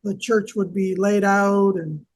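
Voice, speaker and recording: A male scholar co-hosts a relaxed teaching talk. He explains at an easy pace, stopping often with fillers as he gathers his thoughts. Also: sits high, measured pace, slight background noise. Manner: hesitant, lots of fillers, explanatory. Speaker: co-host, archaeology scholar. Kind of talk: casual educational discussion.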